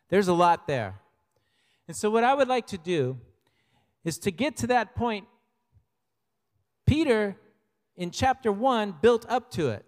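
A man's voice: high voice, animated, a little slow, long pauses, in a large hall. An older man preaching a sermon as pastor, in a conversational way, with personal stories.

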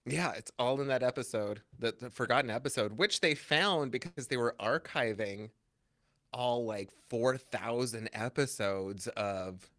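A man chatting casually on a podcast, telling a story in an animated way, acting out quotes in high voices and laughing often. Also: unhurried, dry recording. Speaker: podcast co-host. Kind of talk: casual chat.

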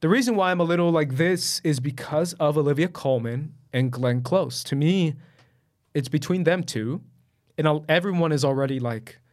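A man's voice: a little high, moderate pace. A young man co-hosting a podcast, chatting casually and joking with a friend, laughing often. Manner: animated, jokey, laughs often. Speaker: podcast co-host. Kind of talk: casual chat.

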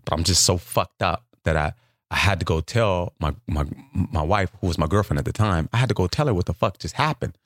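A man telling a profane story in a loose, animated way, jumping up in pitch to act out the people in it. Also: brisk, no room sound, clean studio sound. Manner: animated, profane, acts out quotes with big pitch jumps. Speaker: comedian telling a story as a podcast guest. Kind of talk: casual storytelling.

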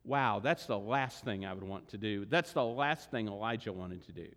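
A male pastor delivering a sermon, expressive and animated, acting out the words of scripture figures in a church sanctuary. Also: lowish voice, normal speed, few pauses. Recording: long reverb of a large hall.

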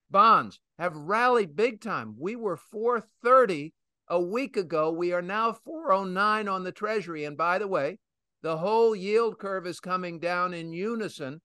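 A man's voice: sits high, bright, forceful tone, clear, resonant tone, dry recording. A man hosting a casual financial talk show, chatty, with teasing jokes. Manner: chatty, teasing, joking asides. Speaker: radio show host.

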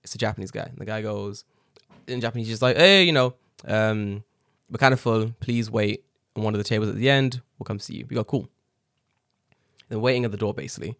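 A man from England chatting casually, telling animated stories full of swearing. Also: lowish voice, quick pace, no echo, studio quality. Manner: swearing, animated storytelling with laughs. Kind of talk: casual chat. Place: living in Japan.

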